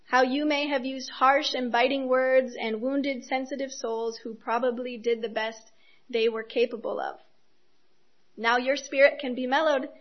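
Earnest woman giving a lo-fi sermon. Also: sits high. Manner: earnest, personal, with soft laughs. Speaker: speaker giving a devotional talk.

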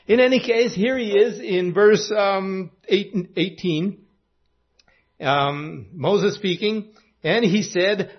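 High, husky French-Canadian-raised man preaching. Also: animated, slow pace, muffled recording. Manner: folksy, conversational, asks the audience questions. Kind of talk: informal sermon.

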